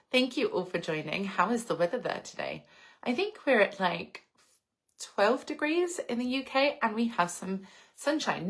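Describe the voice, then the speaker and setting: A woman's voice: fairly low pitch, fairly bright tone. A woman in her late thirties from England, hosting a casual livestream, reflecting at length and answering viewer comments. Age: 30s. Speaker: livestream host.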